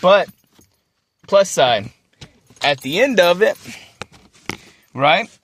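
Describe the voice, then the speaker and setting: A man's voice: high-pitched, big pitch swings, slow pace, a bit bright, breathy edge, dry recording. A young man, ranting to his phone camera in an agitated, profane way and repeating himself. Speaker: vlogger. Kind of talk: emotional rant to camera.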